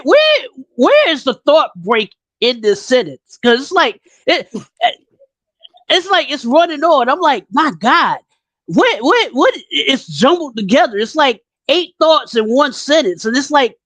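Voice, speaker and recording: A man's voice: very high-pitched, fairly bright tone, no echo. A man co-hosting a casual talk stream, reading viewer comments and rambling with lots of repeated words. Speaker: podcast co-host.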